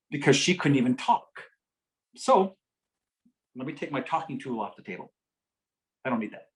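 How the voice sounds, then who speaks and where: Animated man telling a teaching story. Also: medium pitch, moderate pace, pauses often, poor audio. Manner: animated storyteller, lively swings between loud and hushed, acts out quotes softly. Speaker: speaker at a community health forum. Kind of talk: teaching talk with a patient story.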